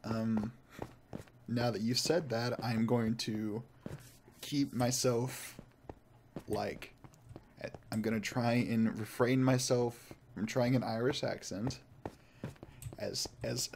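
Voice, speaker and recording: A man's voice: mid-range voice, steady tone, slow pace, pauses often, slight background noise. A man from Oklahoma chatting casually and rambling while he plays a game on a live stream. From Oklahoma, United States.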